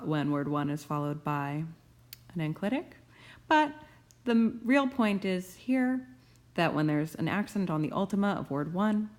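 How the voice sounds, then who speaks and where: A young adult woman teaching grammar rules, stressing key terms slowly and deliberately. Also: low voice, darkish tone.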